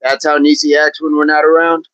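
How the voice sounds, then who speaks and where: A man's voice: fairly high pitch, monotone, a little fast, a bit bright, dry recording, low-quality recording. A man hosting a casual fitness livestream, chatting with viewers in a rambling way and laughing often.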